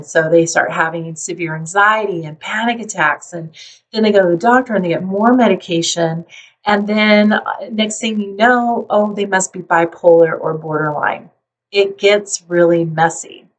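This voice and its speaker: A woman speaks as a psychologist in a calm, explanatory way, at a middle pitch. Now and then she briefly acts out an anxious parent. Her voice sounds a little far from the microphone. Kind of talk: talking to camera about parenting.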